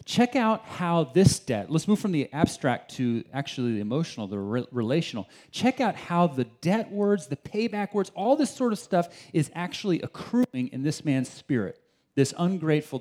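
A man preaching a sermon in a conversational, animated way, with rhetorical questions and frequent restarts. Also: fairly high pitch. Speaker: pastor.

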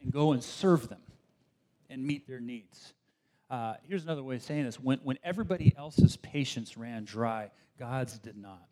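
A man preaching a sermon in a relaxed, conversational way, with asides to the congregation and quoted voices. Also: mid-range voice, normal speed. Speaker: pastor.

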